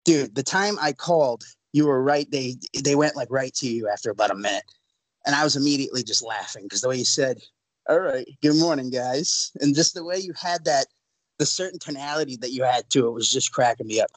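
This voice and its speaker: A man's voice: mid-range voice, fast, no echo, rough recording. A man co-hosting a casual sports podcast, speaking earnestly and apologizing for talking so much. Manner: earnest, apologetic, talks at length. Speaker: podcast co-host.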